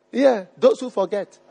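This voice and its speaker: Heavy background noise surrounds a man's very high, creaky voice as he preaches to a live congregation in a church hall. Emphatic, he repeats phrases and poses questions to the crowd, and the recording has long hall reverb.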